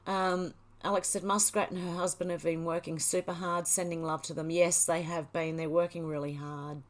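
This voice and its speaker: A woman's voice: fairly low pitch, little pitch movement, normal speed. Woman reading live chat. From Australia. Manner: reads viewer comments aloud and chats back. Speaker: livestream host reading chat. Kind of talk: casual chat.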